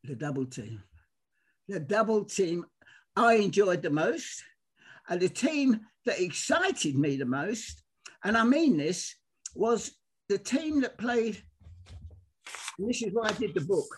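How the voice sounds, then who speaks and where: An older man from telling animated, rambling stories as a guest, acting out the people he quotes. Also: high-pitched, slow, long pauses, breathy edge. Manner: excitable, rambling, acts out quoted dialogue. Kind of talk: animated storytelling.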